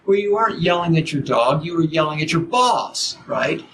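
An older man teaching Zen in a halting dharma talk, full of restarts and "you know"s. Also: on the high side, animated. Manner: halting, repeats words, many "you know"s. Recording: noisy background.

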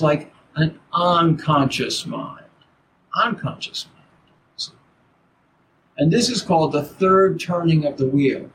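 An older man teaching Zen in a halting dharma talk, full of restarts and "you know"s. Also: fairly high pitch. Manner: halting, repeats words, many "you know"s. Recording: noisy background.

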